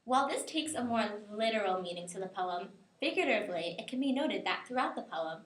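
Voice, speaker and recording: A woman's voice: mid-range voice, expressive, fairly quick. A woman presenting a student analysis, reading it aloud earnestly and stumbling a little over longer words. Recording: roomy echo.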